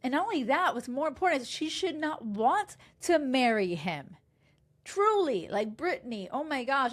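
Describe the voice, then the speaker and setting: A woman dating coach recapping a reality show in casual chat, emphatic and animated, swearing freely and acting out quotes. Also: fairly high pitch. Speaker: love and dating coach, podcast host.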